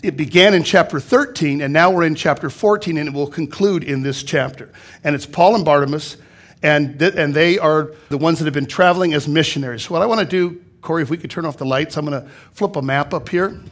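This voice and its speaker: A man's voice: a little high, a little fast. A man, a pastor, preaching a sermon in a church, reading scripture aloud and explaining it with emphatic repetition. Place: church sanctuary.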